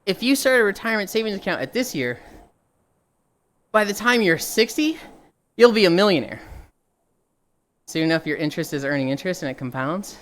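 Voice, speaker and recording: Animated, swearing woman streamer ranting. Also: on the low side, fairly quick, long pauses. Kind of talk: casual live-stream rant.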